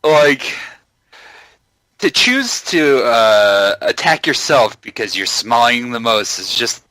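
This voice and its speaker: A man chatting on a podcast, wondering aloud about a show in an animated, casual way. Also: mid-range voice, slow pace, no echo, rough recording. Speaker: podcast co-host or guest. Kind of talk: casual chat.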